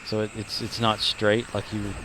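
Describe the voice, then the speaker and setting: A man's voice: on the low side, completely flat delivery, moderate pace, background noise. A man, chatting casually and rambling with many fillers while streaming a game. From Southern United States. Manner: rambling and jokey, heavy on fillers. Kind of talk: casual gaming commentary.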